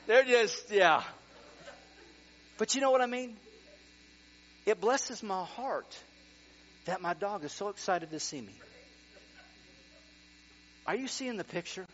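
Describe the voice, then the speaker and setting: A middle-aged male pastor preaching a sermon, animated, swinging from quiet talk to excited near-shouting. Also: high-pitched, slow pace, pauses often. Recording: dull lo-fi sound with mains hum.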